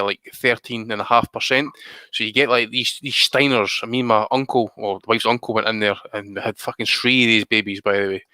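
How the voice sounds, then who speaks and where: Bright, sweary man. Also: on the low side, dry recording. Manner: boisterous, sweary storyteller. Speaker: regular panelist. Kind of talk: casual banter on a live stream.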